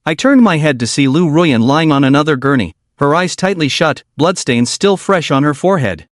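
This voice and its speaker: A man narrating a comic story recap in a lively scripted storytelling delivery. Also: on the high side, moderate pace, no echo, clean studio sound.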